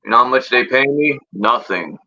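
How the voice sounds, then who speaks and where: A man's voice: mid-range voice, lively intonation, moderate pace, bright, forceful tone, highs cut off, a little hiss or hum. An American man hosting a live voice chat, joking loosely and swearing casually. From United States.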